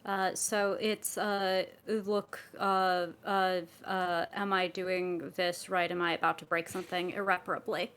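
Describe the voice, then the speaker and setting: A woman's voice: lowish voice, little pitch movement, measured pace, hardly any pauses, fairly bright tone, slight background noise. A woman player in a tabletop game, talking hesitantly with many fillers.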